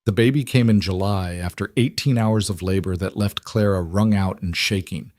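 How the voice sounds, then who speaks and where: Male narrator, scripted story; measured, low, dry. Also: a little mellow, no room sound.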